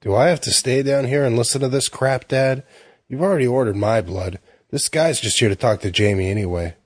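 A mocking, cocky teenage boy, voiced by a man reading a story. He sits above the reader's natural pitch, and his tone is sneering and dismissive. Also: brisk, slightly rough, no room sound, clean studio sound, lightly acted.

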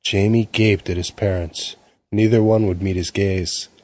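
A man narrating an audiobook in a steady, measured way. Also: deep voice.

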